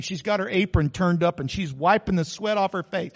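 In a dull-sounding church hall, a high-pitched man preaches briskly with few pauses. His sermon is folksy and animated, and he asks the congregation questions.

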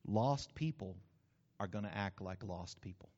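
Pastor preaching in a reverberant church. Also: male voice, on the low side, unhurried. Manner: animated preaching with asides and acted-out quotes. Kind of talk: sermon. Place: church sanctuary. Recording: dull sound with long hall reverb.

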